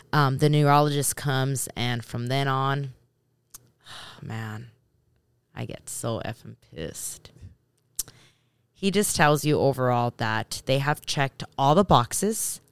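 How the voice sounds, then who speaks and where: A woman telling a personal story in a casual, animated way, talking straight to her viewers and her husband. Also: extremely low pitch, clean tone, dry recording. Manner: animated, talks straight to the audience.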